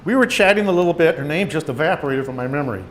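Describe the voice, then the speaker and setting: A man's voice: a little high, racing, slight background noise. A man in his sixties, an author reading his memoir stories aloud to an audience in a meeting room, bringing the quoted lines to life as he goes. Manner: storytelling with animated quoted voices. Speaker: author giving a presentation.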